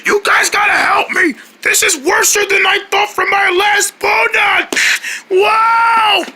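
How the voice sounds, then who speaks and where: A man voicing a small excitable tailed cartoon creature that talks in frantic shouts. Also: extremely high pitch, measured pace, slight background noise, pitched above the performer's own voice, exaggerated voice. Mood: panicked.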